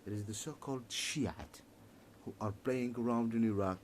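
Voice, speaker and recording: A man giving a heated political monologue in halting, repetitive English, restarting his sentences often. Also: medium pitch, slight background noise.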